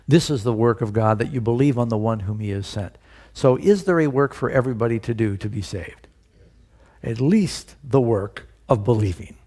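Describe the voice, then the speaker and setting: A man's voice: mid-range voice, a little mellow. A male pastor preaching a sermon, putting rhetorical questions to his listeners and stressing key words.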